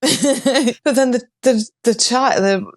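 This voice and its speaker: A woman's voice: a little high, slow pace. A woman from Wales retelling an old legend on a podcast, laughing often and slipping into playful quoted voices. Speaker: guest storyteller.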